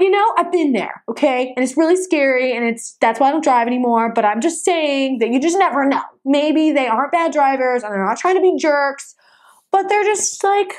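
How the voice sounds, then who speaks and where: A woman talks straight to camera. She tells a story in a lively, exasperated way in a casual vlog. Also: high voice. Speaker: vlogger.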